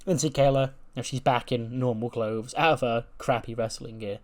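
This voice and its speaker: A man's voice: mid-range voice, fairly even intonation, moderate pace, few pauses, a little mellow. Chatty man narrating a game. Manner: chatty, with many fillers. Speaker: video game let's play host. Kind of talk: casual let's play narration.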